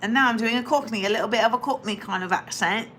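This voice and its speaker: A woman's voice: on the high side, fast, fairly bright tone, a little hiss or hum. A woman hosting a casual livestream, chatting playfully with viewers, reading their comments and laughing as she goes. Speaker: livestream host.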